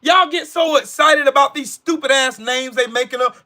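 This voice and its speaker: A man's voice: very high voice, steady tone, normal speed, few pauses, sharp tone. A man angrily ranting on a live political stream. He talks profanely and mockingly, and often repeats himself and restarts his sentences.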